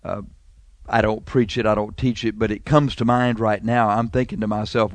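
A man preaching a sermon, animated, pressing rhetorical questions and drawing phrases out slowly for emphasis. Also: lowish voice, no echo.

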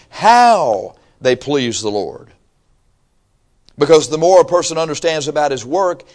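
Pastor guy preaching at church, folksy and animated, joking around between serious points. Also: fairly high pitch. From Michigan. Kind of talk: sermon.

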